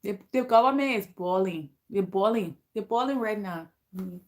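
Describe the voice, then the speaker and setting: A woman's voice: mid-range voice, normal speed. Chatty Liberian woman livestream host. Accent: Liberian English. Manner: chatty, animated, reads comments aloud. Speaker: livestream host reading viewer comments. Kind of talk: casual livestream chat.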